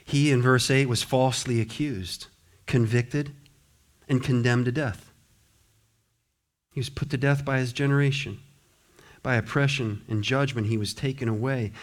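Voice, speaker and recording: A man preaching a sermon as pastor, swinging between hushed, slow phrases and loud, fervent passages. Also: medium pitch, fairly even intonation.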